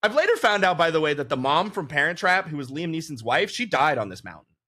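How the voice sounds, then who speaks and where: A man chatting casually on a podcast, telling animated anecdotes and laughing often. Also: on the high side, fast. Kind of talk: casual chat, storytelling.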